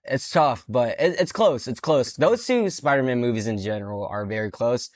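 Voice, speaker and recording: A man's voice: medium pitch, animated, normal speed, dry recording, studio quality. A young man co-hosting a podcast, laid-back and enthusiastic, using lots of casual slang. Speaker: podcast co-host. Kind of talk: casual chat.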